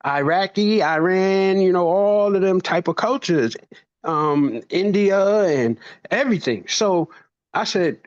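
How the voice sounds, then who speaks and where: A man from New York, telling stories in an animated, playful way and acting out the dialogue. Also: sits high, moderate pace. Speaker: motivational speaker. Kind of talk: storytelling talk. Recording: dull lo-fi sound.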